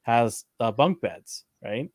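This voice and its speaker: A man co-hosting a podcast, telling a story in casual chat, animated and laughing, acting out the quotes. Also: mid-range voice, takes it slowly, no echo, studio quality. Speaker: podcast co-host.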